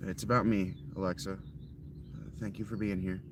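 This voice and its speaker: A man's voice: deep voice, flat delivery, a little fast, noisy background. A man streaming a survival game live, chatting casually with viewers in a dry, offhand, often profane way. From Ohio.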